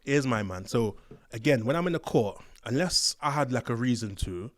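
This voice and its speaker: A man telling stories from his days as a prison officer, slangy and animated, acting out the voices of the people he describes. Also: medium pitch, normal speed, no room sound, clean studio sound. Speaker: interview guest, former prison officer. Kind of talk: casual storytelling. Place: studio.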